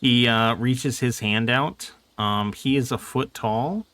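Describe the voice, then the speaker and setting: A man narrating a tabletop game as game master, halting with frequent fillers. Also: medium pitch, fairly bright tone, no echo.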